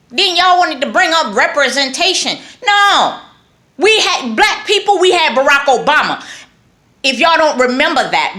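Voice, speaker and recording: Speaking with a New York accent, this New York woman vlogs a blunt political rant at her viewers, emphatic and repeating lines to drive them home. Her voice is high-pitched, pushed and bright.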